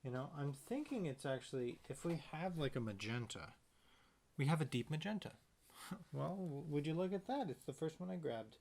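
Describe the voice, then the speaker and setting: A man's voice: fairly high pitch, lively intonation, normal speed, vocal fry, darkish tone, slight background noise. A man casually narrating as he paints a tiny picture, rambling to himself with playful sound words. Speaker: painter and video maker.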